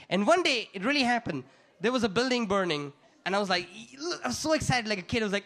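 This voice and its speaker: A young man from India, doing a lively stand-up comedy set and acting out the people in his stories. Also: high-pitched, quick pace. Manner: animated storyteller who acts out the people in his stories.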